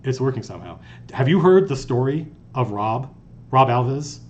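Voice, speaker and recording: A man's voice: medium pitch, normal speed, muffled recording, a little hiss or hum. A man hosting a live stream in an office conference room, talking casually and telling stories with lots of restarts, recorded on a lapel mic. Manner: animated, rambling storyteller with many restarts. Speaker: game master and host.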